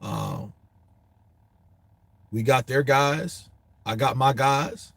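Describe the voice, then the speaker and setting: A man's voice: medium pitch, huge pitch swings, very slow, creaky, no room sound, exaggerated voice. A man doing a mumbling, laid-back boxer. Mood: weary.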